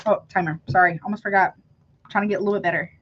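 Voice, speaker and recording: A woman's voice: mid-range voice, steady tone, very fast, husky, dull audio. A woman giving a live tarot reading, talking casually to her viewers and calling them honey. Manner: chatty, calls viewers honey, self-interrupting. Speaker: tarot reader.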